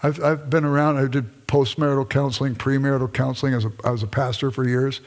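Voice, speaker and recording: A man's voice: medium pitch, level tone, fast talker. An older man giving a conversational lecture to a class, acting out bits of dialogue with his wife as he goes. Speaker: lecturer, former pastor. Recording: long reverb from a hall.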